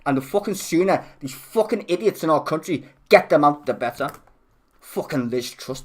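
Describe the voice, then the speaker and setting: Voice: mid-range voice, lively intonation, normal speed. A livestreamer ranting angrily about the government, swearing constantly, sarcastic and exasperated. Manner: angry, heavily profane ranting. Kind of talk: live-stream political rant.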